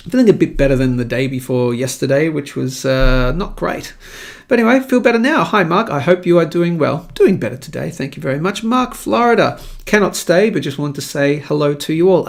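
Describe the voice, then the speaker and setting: A man's voice: a little high, expressive, fairly quick, creaky. A man with an Australian accent hosting a live market show, chatting in an upbeat, jokey way. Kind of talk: casual live-stream commentary.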